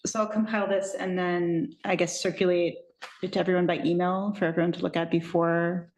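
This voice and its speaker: A woman on a county committee speaks tentatively, leaning on fillers. Her voice sits on the low side and echoes around the meeting room. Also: level tone, fairly quick, darkish tone, a little hiss or hum. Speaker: committee member. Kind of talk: public meeting discussion.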